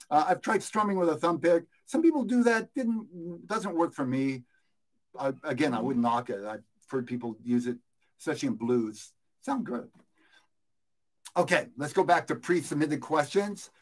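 A man teaching guitar in a live question-and-answer lesson, relaxed and rambling, often correcting himself and counting beats aloud. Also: mid-range voice, breathy edge. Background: his own guitar playing.

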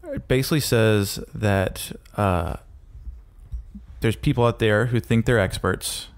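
A man co-hosting a podcast in casual chat, talking haltingly with many pauses and restarts. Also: on the low side. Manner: hesitant, lots of ums and restarts. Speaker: podcast co-host.

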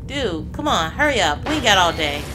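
A woman playing a horror game, reacting out loud and swearing when startled. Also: fairly low pitch, sing-song, brisk. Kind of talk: let's play commentary. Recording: background noise under the voice.

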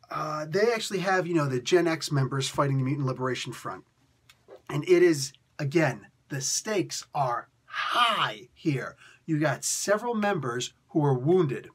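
A man with a husky, somewhat raised voice talks through a comic book review. He rambles and restarts his sentences, and his delivery stays lively and chatty the whole way. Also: on the high side. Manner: animated, rambling, frequent fillers and restarts. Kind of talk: casual video review.

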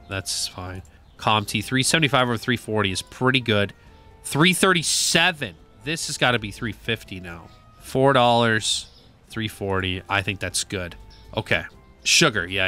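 A man talks through a shop game in a loose, offhand way, muttering numbers and swearing casually. His voice is bright and lively, rising and falling a lot. Faint music plays behind him. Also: mid-range voice. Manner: chatty, mutters prices aloud, swears casually. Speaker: gaming channel host.

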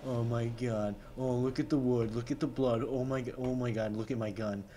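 A man's voice: medium pitch, steady tone, moderate pace, dark tone. Overexcited man in a gamer parody. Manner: overexcited, constant gasping exclamations; sarcastic asides. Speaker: gaming YouTuber parody. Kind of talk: comedic gameplay commentary.

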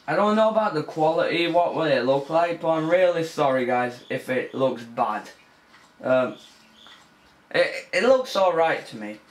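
A man's voice: on the high side, reverberant. A young man commentating a horror game as he plays, nervous and easily scared, swearing and laughing. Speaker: gamer. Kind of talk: let's play commentary.

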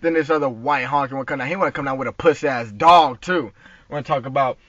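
A man's voice: mid-range voice, fast talker, fairly bright tone, dry recording. A man telling an angry story in a heated, profane way, full of street slang, sitting in a car. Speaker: vlogger. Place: inside a parked car. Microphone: phone. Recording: dull, dry phone audio.

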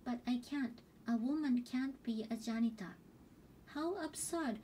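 A woman slowly reading a novel aloud as an audiobook, gentle and unhurried, with small restarts. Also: a little high, fairly even intonation, far from the mic, a little hiss or hum, poor audio. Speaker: audiobook reader. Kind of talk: slow storybook narration.

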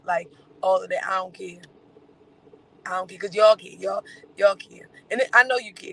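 Sassy campy guy gossiping on a livestream, high raspy-fry voice, teasing and laughing. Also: bright, forceful tone, poor audio. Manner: drawn-out exclamations and laughter.

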